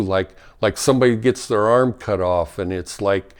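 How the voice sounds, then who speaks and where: A man's voice: on the low side, moderate pace, clean tone. A middle-aged man talking casually and frankly about spiritual life, rambling with many fillers and restarts. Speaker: spiritual talk host and former firefighter.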